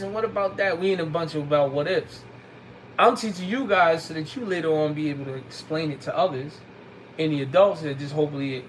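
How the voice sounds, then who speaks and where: Slangy man teaching a class, higher voice. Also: a little hiss or hum, rough recording. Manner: colloquial, slangy, addresses youths directly; recites Arabic phrases between English explanations. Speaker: religious teacher. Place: classroom with young students.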